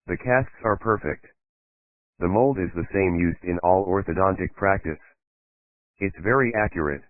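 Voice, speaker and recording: A detached male forensic dentist testifies in a measured, matter-of-fact way, read by a man narrating an audiobook. The voice is very low and dry, with a thin, phone-like sound. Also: no echo, natural voice.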